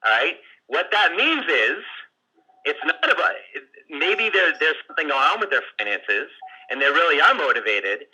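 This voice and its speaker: A man's voice: a little high, very animated, normal speed, sharp tone, breathy edge, muffled recording. A man coaching salespeople on a group call, talking casually with lots of restarts and fillers. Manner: conversational, many restarts and fillers; acts out client and seller lines in quotes. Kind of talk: teaching on a recorded group call.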